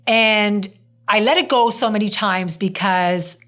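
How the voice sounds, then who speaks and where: A woman hosting a podcast, chatting casually and telling an animated story in which she acts out what people said. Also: mid-range voice, a little slow. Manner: animated storytelling, acting out quoted speech. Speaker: podcast host.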